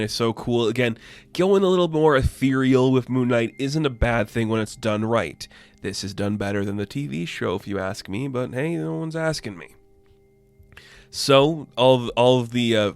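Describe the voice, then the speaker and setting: A man giving a casual, excited comic book review, talking loosely and swearing freely. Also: on the low side, clear, resonant tone, no echo.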